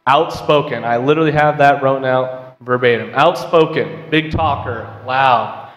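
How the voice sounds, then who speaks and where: A man's voice: medium pitch, a little slow, fairly bright tone, lo-fi sound. Man teaching a Bible class in a hall. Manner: conversational, asks the class questions, reads scripture aloud. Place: church auditorium. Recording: roomy hall with long reverb.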